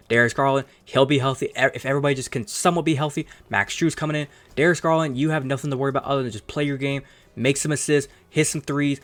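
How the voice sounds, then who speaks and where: A man hosting his own sports channel, giving rambling, opinionated commentary in a casual tone and swearing now and then. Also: mid-range voice. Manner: fast rambling opinionated talk with some cursing.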